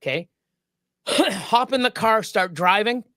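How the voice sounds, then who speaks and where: High-voiced man rambling through a story. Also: animated, slow, sharp tone, no echo. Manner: rambling and profane, with many restarts. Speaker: live stream co-host. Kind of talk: casual storytelling chat.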